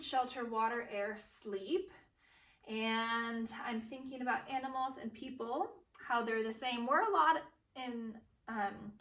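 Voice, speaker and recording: A woman teacher modeling informational writing for young children, speaking slowly and saying each word aloud as she writes it. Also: a little high, fairly bright tone, far from the mic. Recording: echoey room, voice a bit off-mic.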